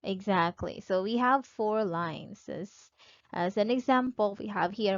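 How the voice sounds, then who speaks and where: A woman's voice: medium pitch, dry recording. A woman teaching an online lesson who poses questions to her students and answers them herself, drawing out the words of examples as she reads them. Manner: drawn-out, careful reading of examples. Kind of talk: recorded online lecture. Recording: dull, dry close recording.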